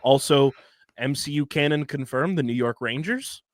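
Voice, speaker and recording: A man's voice: medium pitch, moderate pace, no room sound. Male podcast co-host, casual recap with jokes; dry close sound. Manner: narrates plot points with jokey asides and fillers.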